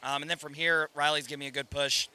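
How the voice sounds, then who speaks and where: Hoarse young guy, race winner guest, bright voice, talks fast and excited about his win. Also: fairly high pitch. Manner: excited, emotional retelling. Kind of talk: casual chat.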